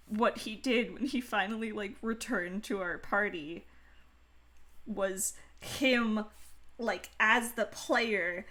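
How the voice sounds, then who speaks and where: Bubbly, bright-voiced woman chatting on stream. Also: medium pitch. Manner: playful put-on Valley Girl lilt, giggly. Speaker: streamer host. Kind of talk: casual chat.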